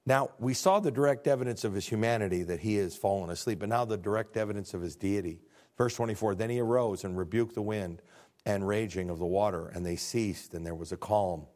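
This middle-aged man, a pastor, preaches a little fast and with plenty of animation. He dramatizes dialogues, dropping to quiet low lines before rising almost to a shout.

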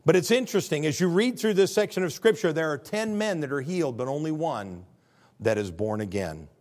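A male pastor preaching a sermon, animated and acting out the people in his Bible stories. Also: on the high side, brisk.

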